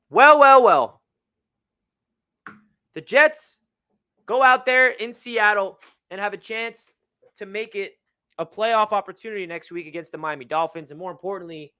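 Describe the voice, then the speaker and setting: A young man hosting a live fan reaction stream, reading out donations and venting about his team with swings between gloom and excitement. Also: sits high, clean tone. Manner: emotional, reads out donor messages, swings between gloomy and fired-up. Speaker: livestream host.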